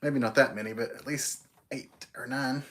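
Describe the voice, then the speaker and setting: A man's voice: medium pitch, fairly even intonation, normal speed, a bit bright. A man co-hosting a casual livestream from home. He rambles in an easygoing way and chuckles often as he chats. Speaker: livestream co-host. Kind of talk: casual chat. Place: porch at home.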